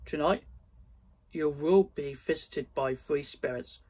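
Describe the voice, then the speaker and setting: Storybook ghost: a grave old male spirit, as a man reads him, husky and solemn. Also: a little high, slow, darkish tone.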